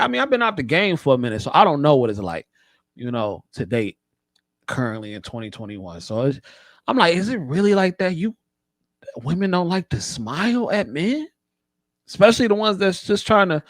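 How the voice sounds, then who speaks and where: A man hosting a podcast in casual chat, animated and acting out quoted voices. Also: on the high side, fairly quick, dry recording, studio quality. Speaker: podcast host.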